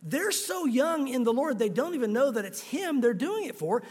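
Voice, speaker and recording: Male pastor, very high voice, earnest sermon delivery with rhetorical questions, reverberant hall. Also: big pitch swings, normal speed, husky. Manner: earnest, speaks directly to listeners with rhetorical questions.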